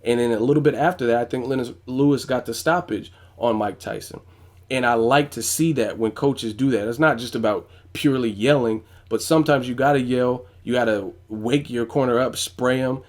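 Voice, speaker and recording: Speaking at medium pitch and a moderate pace, a man offers boxing commentary on his YouTube vlog. He's casual, blunt, and profane, with frequent use of "you know what I'm saying."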